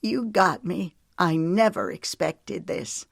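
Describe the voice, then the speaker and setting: A narrator voicing Bertie, a grandmother in love, soft, teasing and emotional, lifting the voice higher for her. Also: takes it slowly, gravelly, slightly rough, no room sound, clean studio sound, heavily acted. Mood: joyful. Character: warm hopeful woman in love, older.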